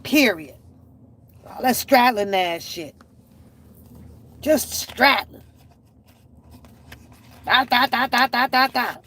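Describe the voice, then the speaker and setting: The speaker is a woman with a fairly high, slightly bright and expressive voice, delivering a measured-pace rant on her reaction channel. She's blunt, profane and exasperated, and the audio is poor, with faint noise behind her.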